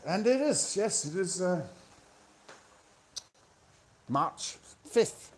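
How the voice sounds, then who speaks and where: Sardonic man, fairly high voice. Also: very animated, very slow, long pauses, slight background noise. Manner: profane, sardonic, swings between loud outbursts and low mutters. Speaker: vlogger. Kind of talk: rambling comic monologue. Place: room indoors with electric fans.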